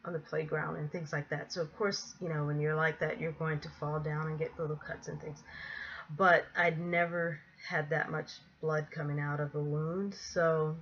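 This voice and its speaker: Low-voiced woman telling a rambling story. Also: little pitch movement, moderate pace, fairly bright tone, dull audio, slight background noise. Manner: rambling, many ums and asides, laughs easily. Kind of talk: casual personal storytelling to camera.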